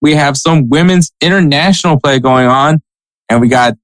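A man's voice: on the high side, normal speed, a bit bright, no room sound, rough recording. A man co-hosting a casual soccer podcast, chatting with frequent laughs and reading sponsor spots. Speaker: podcast co-host.

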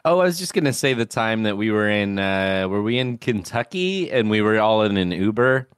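A man's voice: on the low side, very animated, normal speed, clear, resonant tone, no echo, clean studio sound. A man co-hosting a podcast in casual chat, telling stories in an easygoing way. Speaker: podcast co-host.

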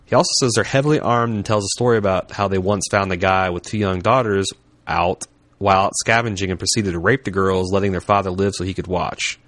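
Male podcast co-host, low voice, dry close sound, wisecracking casual chat. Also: steady tone, a little fast, fairly bright tone, no echo. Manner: wisecracking, reads a spoiler synopsis aloud.

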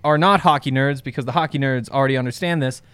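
A man's voice: medium pitch, fast talker, fairly bright tone, smooth, no echo. A man co-hosting a sports betting show, bantering in a joking, self-deprecating way. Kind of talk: casual sports chat.

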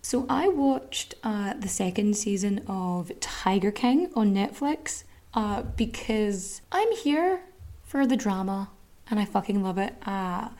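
Chatty Irish woman with a mellow voice. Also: medium pitch, expressive, slow. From Ireland. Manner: chatty, swears freely, drifts into asides. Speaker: podcast host. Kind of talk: casual podcast chat. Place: home room with a cat.

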